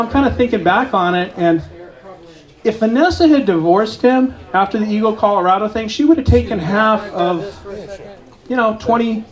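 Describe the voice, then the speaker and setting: Man in his forties doing stand-up. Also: high voice. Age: 40s. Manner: deadpan storytelling with self-aware asides. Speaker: stand-up comedian. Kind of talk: open mic stand-up set. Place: small club stage with live audience.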